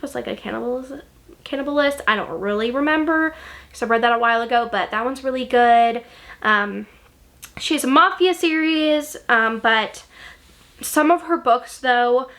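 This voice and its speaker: A young woman talks casually about the books she loves, her voice bright and slightly high. She gushes as she goes and fills her sentences with um and like. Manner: chatty, gushing, lots of ums and likes. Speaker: book vlogger. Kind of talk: casual chat.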